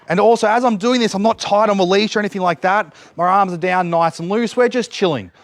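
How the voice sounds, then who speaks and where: A man's voice: high-pitched, fast, hardly any pauses, no echo. A man demonstrating dog training outdoors, explaining each step while giving his dog short cues and praise. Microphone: camera set up nearby.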